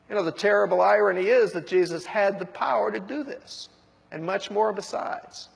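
A man preaching a sermon, who breaks into high, jeering voices when acting out mockers. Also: moderate pace, creaky, breathy edge, long reverb tail.

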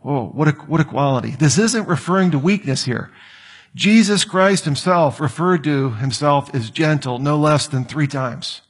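A man's voice: fairly high pitch, lively intonation, normal speed, breathy edge. A man preaching a sermon, reading scripture and breaking into joking asides. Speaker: pastor.

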